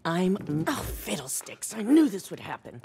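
A fretful townswoman quest-giver from a fantasy game, convinced she is cursed with bad luck. Her lively voice rises and falls, and a faint hiss sits under it. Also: lowish voice, normal speed. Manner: self-deprecating, lively storytelling. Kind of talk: video game character dialogue.

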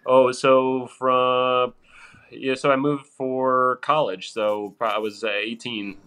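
A man's voice: medium pitch, little pitch movement, takes it slowly, fairly bright tone, clear, resonant tone. A man in his thirties from Arkansas with a vague mid-Atlantic accent, a podcast guest chatting casually and rambling through asides. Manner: rambling, full of "you know" and "like" asides.

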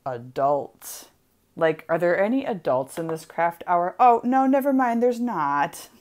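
A woman's voice: lowish voice, lively intonation, darkish tone. A woman hosting a casual craft livestream, playful and giggly as she chats while stamping. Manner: playful, giggly, drawn-out delivery.

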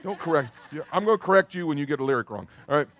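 A man preaching a sermon in a church, lively and conversational, calling out to the congregation. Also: on the high side, very fast, highs cut off. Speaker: pastor. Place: church sanctuary.

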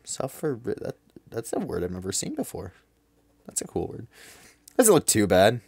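A man's voice: lowish voice, huge pitch swings, vocal fry, a little mellow, slightly rough, no room sound, studio quality. A man casually playing through a visual novel, reading its lines aloud and chatting between them. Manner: chatty, quick asides, reads dialogue aloud. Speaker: let's play gamer.

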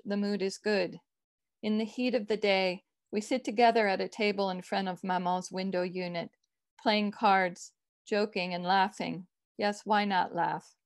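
A woman author reads her own short fiction in a calm, even manner. Her voice is at a middle pitch for a woman, and the recording is dry and close with no room echo.

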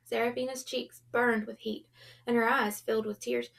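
A woman reads a children's novel aloud in a gentle storytelling voice. Her tone sits a little high, with a soft gravelly creak. At tense moments she drops to a hush. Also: little pitch movement, moderate pace. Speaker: audiobook reader.

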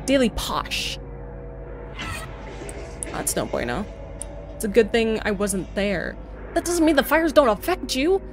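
Slow and sing-song, pausing often, a young woman with a voice on the high side provides horror game let's play commentary. This streamer is jumpy, addressing the game and frequently exclaiming and swearing at it as game music plays.

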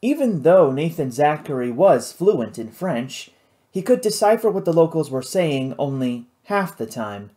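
An audiobook narrator reading a novel in a measured, descriptive storytelling manner. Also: medium pitch, big pitch swings, mellow.

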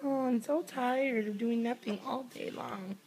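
A woman's voice: fairly high pitch, measured pace, creaky, a little mellow. A woman doing a sleepy, whiny newborn girl. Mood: mock-grumpy. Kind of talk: home video baby talk.

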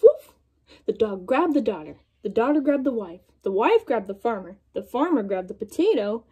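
A young woman reading a picture book aloud to children, in an animated storytelling manner and asking her young listeners questions. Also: a little high, slightly rough.

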